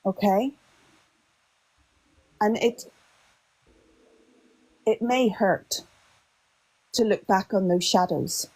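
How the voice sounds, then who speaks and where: Calm woman teacher, measured soothing talk, kinda husky. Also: medium pitch, poor audio. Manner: slow, measured, soothing phrasing.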